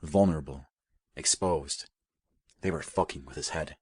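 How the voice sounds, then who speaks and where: A male audiobook narrator with an extremely low, husky voice. He reads steadily and evenly, and the recording is close and dry. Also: normal speed, a little mellow, no room sound. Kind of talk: scripted narration.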